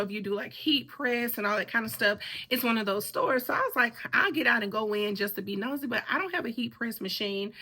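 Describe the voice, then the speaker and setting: A woman, hoarse with a worn-out voice, chatting casually to the camera in a rambling way full of asides. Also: a little high, pushed and bright. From Birmingham, Alabama. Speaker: sewing vlogger.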